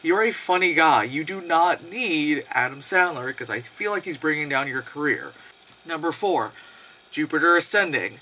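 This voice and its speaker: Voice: mid-range voice, lively intonation, normal speed, pushed and bright, slight background noise. A young adult movie reviewer giving a casual, profane, sarcastic rant and laughing often.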